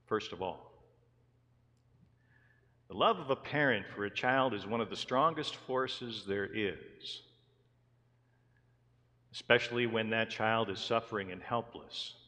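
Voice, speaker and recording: A man's voice: on the low side, unhurried, long pauses, bright, forceful tone. A man, a pastor, preaching a sermon, first reading scripture and then telling stories in an earnest way. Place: church sanctuary. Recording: long hall reverb in a church.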